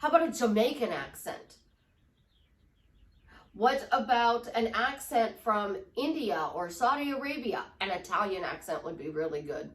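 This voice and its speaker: A woman's voice: mid-range voice, lively intonation, normal speed, fairly bright tone, distant mic. A woman from Chicago, a relationship life coach, giving an upbeat, gushing motivational vlog talk. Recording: echoey room, voice away from mic.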